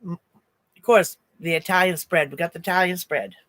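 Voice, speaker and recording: This crochet livestream host, a woman in her sixties, speaks at normal speed in a lowish, slightly bright voice. She chats through stories with her live audience, laughs a lot and responds to their comments, with no echo in the recording.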